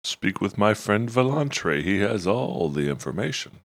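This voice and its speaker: A man's voice: fairly low pitch, sing-song, unhurried. A man playing a tabletop game, making wry, playful remarks in character. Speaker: player.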